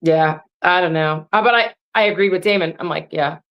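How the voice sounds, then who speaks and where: A woman's voice: fairly low pitch, fairly quick, lo-fi sound. A woman co-hosting a podcast, rambling casually with lots of "like" as she shares her opinions about a show. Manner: rambling, heavy use of "like". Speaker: podcast co-host. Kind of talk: casual recap chat.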